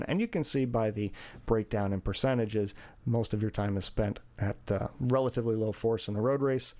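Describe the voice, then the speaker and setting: Gravelly-voiced man coaching over charts. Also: mid-range voice, darkish tone. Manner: explanatory, filler-heavy, talking through on-screen charts. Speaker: cycling coach. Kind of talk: screen-share training lesson.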